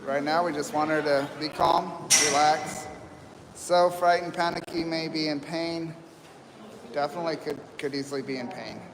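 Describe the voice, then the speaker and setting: Calm rambling man on a live stream. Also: fairly high pitch, moderate pace, long reverb tail, background noise. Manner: calm, rambling, soft-spoken with fillers. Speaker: livestream host at horse rescue. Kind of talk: live commentary. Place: outdoor horse pens with people around.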